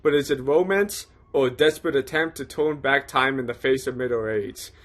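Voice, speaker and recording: A man's voice: medium pitch, a little fast, a bit bright. A man co-hosting a film podcast, talking in a joking, ironic way. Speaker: podcast co-host. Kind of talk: casual film chat.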